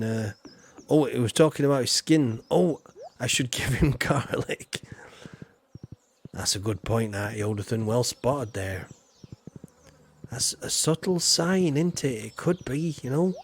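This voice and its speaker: A man's voice: medium pitch, a little hiss or hum. A man chatting casually as he streams a farming game, rambling with cheeky asides. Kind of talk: casual gameplay commentary.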